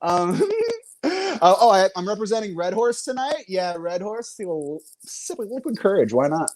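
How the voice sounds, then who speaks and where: A man's voice: sits high, sing-song, moderate pace, a little mellow. A young man doing a self-mocking stand-up set, chuckling between jokes. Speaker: comedian and show host.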